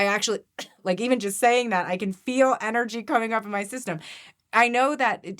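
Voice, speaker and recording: A woman energy healer as a podcast guest, explaining in an earnest, teaching way with frequent restarts. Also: mid-range voice. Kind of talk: podcast interview.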